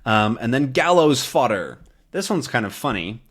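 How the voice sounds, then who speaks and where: Man, English teacher, animated pitch, slow plain explanations, reading a comic to beginners. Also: slightly rough. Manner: lively, explains words slowly and plainly. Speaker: English teacher, channel host. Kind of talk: explaining a comic for language learners.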